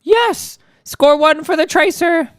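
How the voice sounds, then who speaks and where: A man reading comic lines as a chipper young British heroine in a rush, in a high put-on voice with an attempted British accent. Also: slow, dry recording, clean studio sound. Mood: cheeky. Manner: breathless, excitable, reading comic lines aloud.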